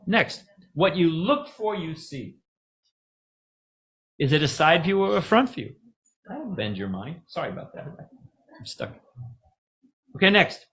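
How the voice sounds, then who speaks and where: A middle-aged man giving a casual, joking spiritual talk, pausing to ask the audience questions. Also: on the high side, fairly bright tone.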